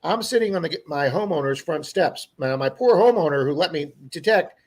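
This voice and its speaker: A man co-hosting a livestream, telling an animated story to his viewers in a casual chat. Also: fairly high pitch, moderate pace. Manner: animated storyteller who acts out quoted people. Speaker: livestream co-host.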